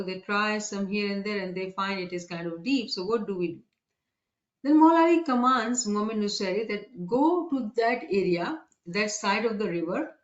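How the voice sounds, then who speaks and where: A woman preacher tells a sacred story with an animated, questioning manner and a fairly high voice. The recording is echoey and dull, with lo-fi sound. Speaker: religious preacher. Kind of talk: sermon storytelling.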